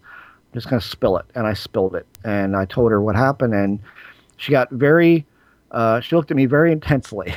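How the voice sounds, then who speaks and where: A man, a podcast guest who is losing his voice, telling a personal story in a halting, rambling way. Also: mid-range voice, no echo. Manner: rambling, halting with frequent ums and restarts. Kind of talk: casual storytelling interview.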